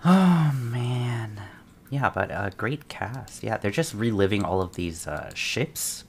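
A man reacting to a trailer as an excited fan, muttering asides and breaking into dramatic outbursts. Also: on the low side, takes it slowly, gravelly, slight background noise. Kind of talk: casual reaction commentary.

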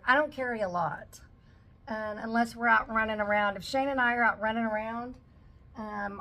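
A woman's voice: mid-range voice, sharp tone. A woman in her forties chatting casually at home as she unboxes a shopping haul, gushing over each item. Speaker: vlogger.

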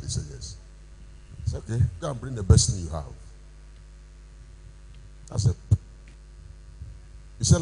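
Preaching man, slow and animated. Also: fairly low pitch, slightly rough, poor audio. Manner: call-and-response preaching, rising to shouts. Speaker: pastor. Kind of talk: sermon. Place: church.

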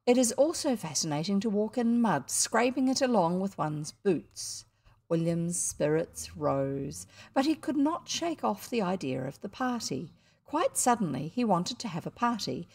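A woman's voice: medium pitch, sing-song, normal speed, vocal fry, a little mellow, breathy edge. A woman with a New Zealand accent reading a children's story aloud, adding chatty asides to listeners. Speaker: audiobook reader.

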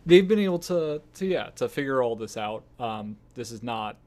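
A man co-hosting a podcast in casual chat, speaking in a hesitant, halting way as he searches for words. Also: mid-range voice, expressive, crowd noise. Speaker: podcast co-host.

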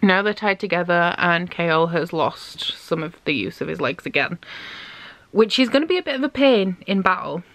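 Young female book vlogger, lowish voice, casual, chatty, gushing. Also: animated, normal speed, a bit bright. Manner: chatty, gushing, says "like" a lot. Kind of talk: casual book diary chat.

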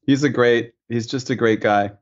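A man from the United States, a guest painter on a podcast, talking in a relaxed, reflective way and telling stories. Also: medium pitch, normal speed, muffled recording. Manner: reflective, storytelling.

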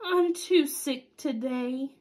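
A woman's voice: high voice, slow pace, a little mellow. A woman voicing a sick male centipede in a storybook, moaning and sneezing. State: has a cold.

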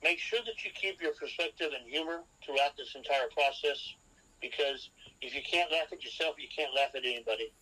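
A man with a bright, forceful voice pitched a bit high for a man teaches real estate on a podcast. He works through numbered rules and keeps asking his listener whether he follows. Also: brisk, husky, low-quality recording. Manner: instructive, lays out numbered rules and checks in with "okay?". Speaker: real estate expert guest. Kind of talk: podcast interview, seminar-style advice.

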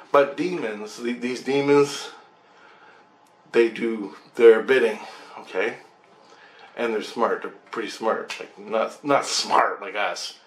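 A man telling a long story in a casual monologue, rambling and swearing freely, often laughing as he talks. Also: fairly low pitch. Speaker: channel host telling a story. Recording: roomy echo.

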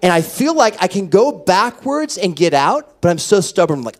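A man preaching a sermon as pastor, telling stories with a voice that drops to a hush and then rises loud. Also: sits high, fairly quick, few pauses. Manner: animated storytelling, dropping to a hush then rising loud. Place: church hall.

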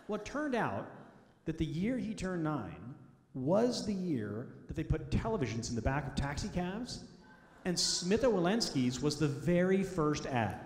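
A man's voice: a little high, very animated, normal speed. A middle-aged man telling family anecdotes to an audience, acting out the voices in his stories. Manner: storytelling, acts out quoted voices. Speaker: author speaking to an audience. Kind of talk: anecdotal talk. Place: school auditorium. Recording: echoey hall, long reverb.

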